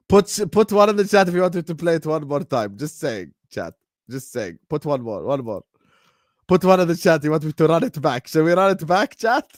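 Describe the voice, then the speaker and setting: A man hosting a football fan livestream, excitable and laughing as he trash-talks rivals and banters with chat. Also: fairly high pitch, normal speed, no echo, clean studio sound.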